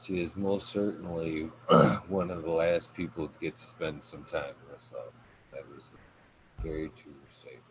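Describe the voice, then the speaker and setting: A man's voice: very deep voice, fairly even intonation, normal speed, noisy background. A man hosting a casual podcast, rambling with lots of fillers as he thanks his guest. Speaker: podcast host.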